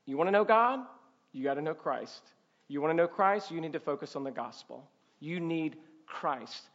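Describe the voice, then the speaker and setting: High-voiced emphatic male preacher. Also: animated, normal speed, fairly bright tone, dull audio. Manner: emphatic preaching, rising and falling in force, with a closing prayer. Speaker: pastor. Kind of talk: sermon.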